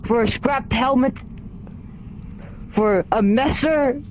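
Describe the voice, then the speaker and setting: An earnest young knight, humble and ashamed of his lowly status, played by a man. He speaks high and haltingly, with faint noise in the background, like a tabletop role-play scene.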